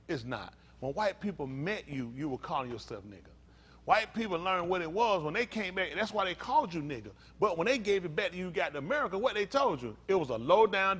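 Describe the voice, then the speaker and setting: A man with a notably high voice preaches a teaching sermon. He is animated, throws in acted voices for the people he quotes, and stumbles when he reads aloud. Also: brisk, breathy edge. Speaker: pastor.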